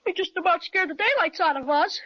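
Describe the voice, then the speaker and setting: A woman playing an excitable young boy who speaks in eager exclamations, in a radio play on a dull lo-fi recording. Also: very high-pitched, brisk, full character voice. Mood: excited.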